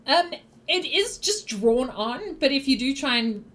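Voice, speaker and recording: A woman's voice: high voice, very animated, measured pace, fairly bright tone. A woman narrating as game master in a tabletop game, loose and giggly, rambling through descriptions.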